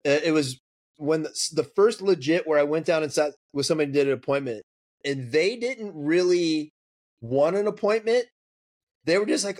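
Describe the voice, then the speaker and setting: A man's voice: a little high, normal speed. A man on a podcast, a dog trainer telling stories in casual, profane chat. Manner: profane, storytelling, animated.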